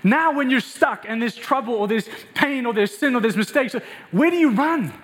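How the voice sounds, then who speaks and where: A man's voice: very high-pitched, lively intonation, moderate pace, fairly bright tone. A man preaching a passionate, emphatic sermon and speaking directly to his congregation in a church. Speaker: pastor.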